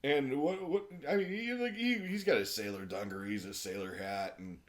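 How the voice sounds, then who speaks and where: A man's voice: mid-range voice, moderate pace. A man co-hosting a podcast in casual chat, chuckling often and recalling cartoon lore fondly. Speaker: podcast co-host.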